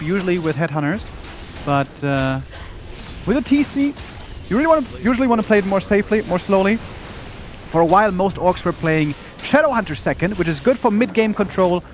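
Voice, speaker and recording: A man commentating a live strategy game match, calmly explaining play and tactics. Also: high voice, a little hiss or hum. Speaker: esports commentator. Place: event studio.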